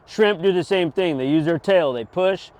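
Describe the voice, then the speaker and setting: Man, middle-aged, fishing instructor; smooth, clear tone, slightly high, demonstrating patiently and checking "okay?". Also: normal speed, a little mellow. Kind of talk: outdoor how-to lesson.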